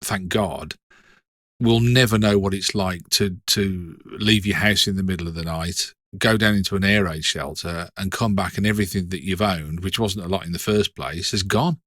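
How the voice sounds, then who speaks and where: A middle-aged man in casual conversation, telling anecdotes with animated delivery and frequent restarts. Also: sits low, normal speed, dry recording, studio quality. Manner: animated storytelling, hesitant restarts. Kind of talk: casual chat.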